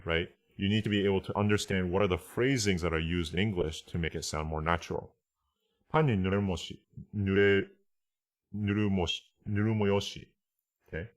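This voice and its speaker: A deep-voiced man teaching translation in a relaxed online class. He walks through each point slowly and keeps asking "right?" and "okay?" to check that his listeners follow. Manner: reads Japanese phrases aloud. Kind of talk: casual online lesson.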